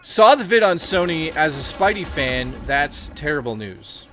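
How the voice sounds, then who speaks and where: Man, stream host, reads viewer messages aloud, quick asides, slightly high pitch, bright tone. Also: animated, slight background noise. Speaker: streamer host reading donations. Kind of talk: casual live-stream banter.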